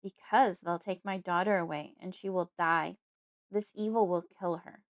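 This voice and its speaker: A woman's voice: on the low side, steady tone, normal speed, dry recording, studio quality, lightly acted. A woman reading an audiobook, voicing a desperate, frightened father who pleads urgently.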